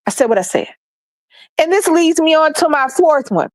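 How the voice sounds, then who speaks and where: A woman's voice: very high-pitched, big pitch swings, a little slow, dry recording. A middle-aged woman, ranting bluntly and heatedly with lots of profanity and repetition for emphasis. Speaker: streamer sharing opinions. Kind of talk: passionate ranting monologue.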